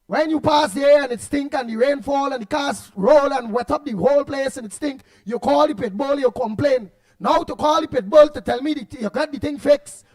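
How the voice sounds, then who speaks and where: A Trinidadian man hosting a radio talk show, chatting loosely and animatedly as he reads out listener comments. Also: very high voice. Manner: animated, repetitive, laughs often, loud outbursts. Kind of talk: casual radio chat reading listener comments.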